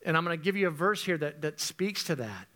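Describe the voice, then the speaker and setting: A man in his forties preaching earnestly and conversationally to junior high students as their youth pastor. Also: animated, a little fast, a bit bright. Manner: earnest, conversational, addresses the group as guys.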